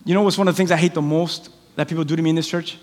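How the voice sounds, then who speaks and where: Male pastor, high-pitched, lively storyteller acting out voices; recorded in a reverberant church hall. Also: racing. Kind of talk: sermon. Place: church sanctuary.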